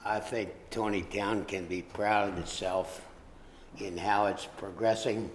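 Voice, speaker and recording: A man's voice: fairly low pitch, fairly even intonation, a little slow, slight background noise. A man on a planning commission making short, plain remarks at a meeting. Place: meeting hall. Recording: roomy hall, distant mic.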